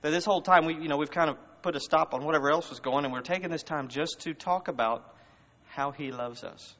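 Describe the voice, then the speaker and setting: A man with a Southern US accent preaching a conversational sermon, swinging between loud emphasis and hushed words. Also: on the high side, fairly quick. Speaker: guest speaker. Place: church service. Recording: muffled reverberant hall recording.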